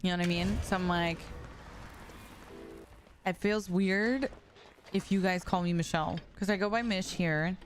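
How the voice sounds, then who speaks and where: A woman's voice: on the low side, steady tone, measured pace, pauses often, a little hiss or hum. A young woman live streaming as she plays a game, chatting casually with her viewers, swearing and laughing often. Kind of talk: casual live-stream chat while gaming. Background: music.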